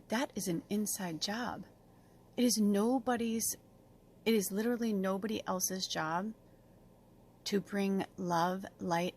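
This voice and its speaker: A woman giving a spiritual card reading as host, talking in a gentle, affirming way that rambles with fillers. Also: mid-range voice, slight background noise. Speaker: tarot and oracle card reader.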